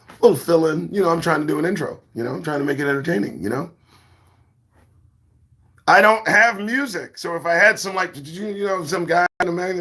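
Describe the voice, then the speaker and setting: A man hosting his own morning show, talking in a profane, preachy monologue that swings between shouts and whispers. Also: on the high side, animated, normal speed, breathy edge. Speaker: show host.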